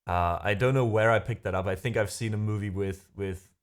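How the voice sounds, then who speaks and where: On a music livestream, a man whose first language isn't English reads comments from viewers in casual chat, rambling and chuckling at himself. He talks a little fast in a lowish voice with a steady tone.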